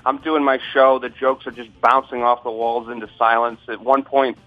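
A man's voice: medium pitch, flat delivery, moderate pace, no echo, faint music behind. A man working as a comedian, telling self-deprecating stories in a casual interview over the phone. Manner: self-deprecating storyteller, dry delivery. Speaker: comedian guest. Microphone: phone call. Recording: tinny phone line, dry.

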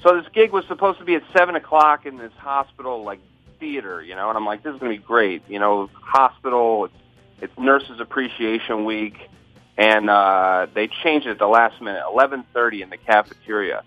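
A man's voice: on the low side, normal speed, dry recording, faint music behind. A man working as a comedian, telling self-deprecating stories in a casual interview over the phone. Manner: self-deprecating storyteller, dry delivery. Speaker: comedian guest. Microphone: phone call. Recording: tinny phone line, dry.

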